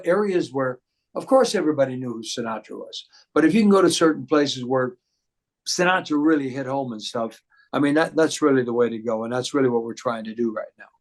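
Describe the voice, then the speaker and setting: Rambling American singer telling a story. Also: male voice, medium pitch. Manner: rambling, many fillers and restarts. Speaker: guest singer and impressionist. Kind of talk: casual storytelling interview.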